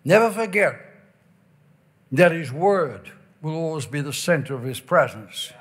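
A man preaching a revival sermon, stretching key words, breaking into shouts and a sing-song cadence while reading scripture. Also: a little high, lively intonation. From Ireland. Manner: emphatic, drawn-out stresses, bursts of shouting and sing-song phrasing.

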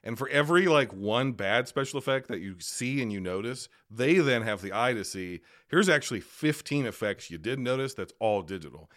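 Man, podcast guest, mid-pitched voice, eager and emphatic. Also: expressive, moderate pace, few pauses, a bit bright. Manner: enthusiastic, emphatic. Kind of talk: casual film podcast chat.

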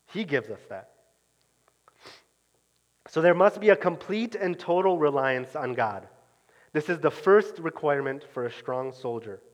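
A man preaching a sermon, earnest and emphatic, letting his phrase endings fall quiet. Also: mid-range voice. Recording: long reverb of a hall.

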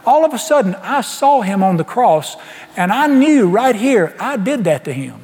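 In a church, a man preaches a storytelling sermon, recounting his tale in a folksy, animated way and acting out every exchange. His high voice swings widely in pitch at a normal speed. Long church-hall reverb rings around him.

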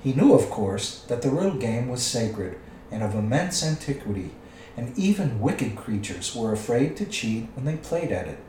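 A man reading a storybook aloud with expressive storytelling. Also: medium pitch, normal speed, recorded from a distance, slight background noise. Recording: echoey room, away from the mic.

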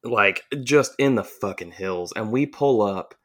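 Co-hosting a podcast, a Southern U.S. man spins a long, profane, meandering story in relaxed conversation. His voice is lowish and he takes his time.

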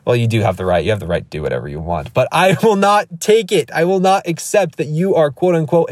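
A man's voice: on the high side, a little mellow, dry recording. Emphatic man ranting from his car. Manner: emphatic, repetitive, rambling with restarts. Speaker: podcast host. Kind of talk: casual motivational rant. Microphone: iPhone.

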